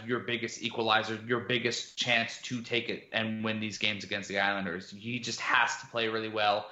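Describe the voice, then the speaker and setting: A man's voice: lowish voice, bright, forceful tone. A man co-hosting a casual sports podcast, rambling through his analysis with lots of fillers. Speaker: podcast co-host. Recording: roomy, dull lo-fi sound.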